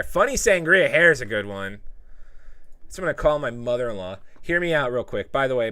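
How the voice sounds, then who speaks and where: Bright-voiced man chatting on a livestream. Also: mid-range voice, dry recording. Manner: joking, loose, talks to chat by name. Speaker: livestream host. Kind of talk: casual livestream chat reading viewer comments.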